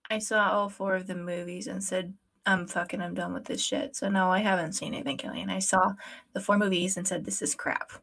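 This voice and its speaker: A woman's voice: medium pitch, steady tone, fairly quick, creaky, a bit bright. A woman voice actor chatting casually on a recording stream, blunt and swearing, working through a headache. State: has a headache.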